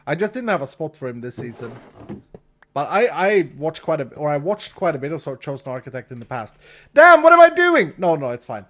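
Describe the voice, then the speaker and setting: A man's voice: mid-range voice, lively intonation, brisk. A man streaming a game live, chatting casually with his viewers, reading chat, thanking donors and laughing easily.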